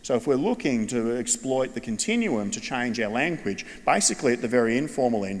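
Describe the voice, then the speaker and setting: A middle-aged Australian man giving a conference keynote to a large audience, telling stories in a lively way. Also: medium pitch, fairly quick, few pauses. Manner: animated storyteller addressing a large audience. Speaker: education speaker. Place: large hall with long reverb. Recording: long echo of a big hall.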